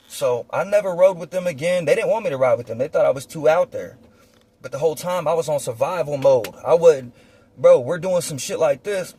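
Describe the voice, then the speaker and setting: Husky-voiced man telling a wild story. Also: medium pitch. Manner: animated, acts out gunshots with mouth sounds; profane, slangy. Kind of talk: casual storytime.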